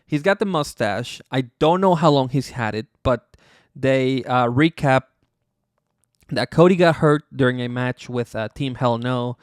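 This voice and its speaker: A man's voice: medium pitch, unhurried, dry recording, clean studio sound. A man hosting a podcast, recapping casually in a rambling, profane way, full of fillers and chuckles. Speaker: podcast host.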